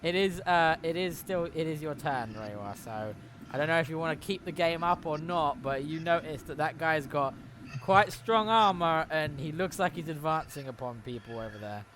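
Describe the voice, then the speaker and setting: A man runs a tabletop game in a loose, rambling way, often stopping to correct himself. His voice sits a little high for a man. A clear layer of noise runs under the recording. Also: animated, normal speed. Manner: rambling, chatty, self-correcting. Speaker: game master. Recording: noisy recording.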